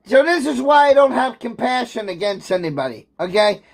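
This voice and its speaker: A man's voice: extremely high pitch, sing-song, fairly quick, vocal fry. A man in an angry livestream rant, bitter, aggrieved and heavy with profanity, agitated and sometimes near tears.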